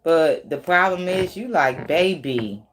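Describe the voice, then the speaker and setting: A woman's voice: low-pitched, lively intonation, a little slow, slight background noise. A woman doing a tarot reading in casual, blunt, profane talk, teasing and laughing often. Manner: slangy, teasing. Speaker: tarot reader.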